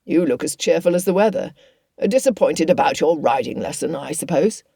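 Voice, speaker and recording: A woman's voice: low-pitched, animated, brisk, gravelly, dark tone, husky, no room sound, exaggerated voice. A woman reading an audiobook voices a wry older father, speaking mildly and sardonically. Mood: dry. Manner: mild, dry, sardonic. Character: dry, wry older father behind a newspaper.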